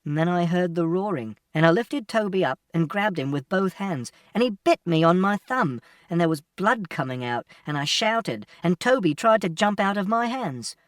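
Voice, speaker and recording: A man's voice: sits high, lively intonation, normal speed, hardly any pauses, clear, resonant tone, no echo, studio quality, far from the mic. A man reading a first-person audiobook as a teenage boy, in a literal, matter-of-fact, detailed manner. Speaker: audiobook narrator.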